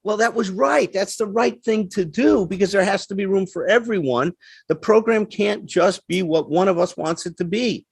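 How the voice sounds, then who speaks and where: This man sits high in pitch, with a gravelly, slightly rough voice at a moderate pace and no room sound. He is a guest speaker on addiction recovery addressing a seated live audience in a plain, emphatic, conversational style, often asking "right?".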